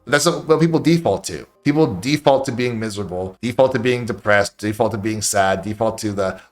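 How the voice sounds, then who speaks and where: A man speaking on a live stream in a blunt, profane, animated way, acting out quoted voices as he gives advice. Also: fairly low pitch, fairly quick, few pauses, soft background music. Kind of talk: casual live-stream rant.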